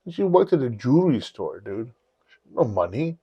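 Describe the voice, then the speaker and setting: Guy on a podcast swearing a lot, candid animated storyteller, dry close sound. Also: mid-range voice, moderate pace, slightly rough, dry recording, highs cut off. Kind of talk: casual storytelling chat.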